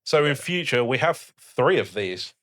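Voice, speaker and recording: A podcast co-host with a mid-range, somewhat bright voice and very animated delivery speaks at normal speed. He jokes, rambles and swears mildly in casual chat, using a stand-mounted studio mic in an indoor home podcast setup.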